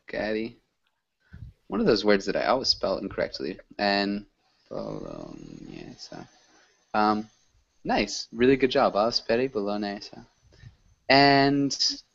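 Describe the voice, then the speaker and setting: A man leads an English lesson in a lively, swooping voice, praising his students and gently correcting their mistakes. His voice sits slightly low. The audio is dull and lo-fi, like a call recording. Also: gravelly. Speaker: English teacher. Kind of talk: online class teaching.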